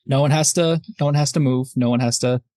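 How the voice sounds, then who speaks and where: A tabletop player voicing a male investigator who talks calmly and reassuringly in long run-on sentences. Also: medium pitch, fast, no room sound, lightly acted. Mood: placating. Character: adult man investigator, calm and placating.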